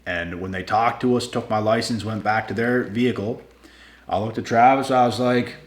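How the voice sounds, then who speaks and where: Low-voiced man telling a story, roomy sound. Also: normal speed. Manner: animated, swears freely, slangy. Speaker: channel host telling a personal story. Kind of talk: casual storytelling to camera.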